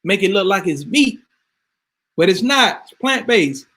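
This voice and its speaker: Emphatic guy ranting casual to camera, kinda high voice, swears a lot. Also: very animated, a little slow, slightly rough. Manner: emphatic, swears freely, rising to yelling. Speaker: vlogger.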